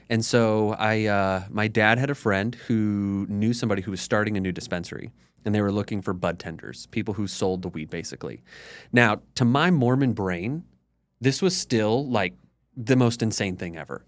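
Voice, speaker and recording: A man's voice: lowish voice, moderate pace, dry recording. A man in his thirties, a podcast guest, telling his story in a candid, conversational way full of "like". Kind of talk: casual storytelling interview.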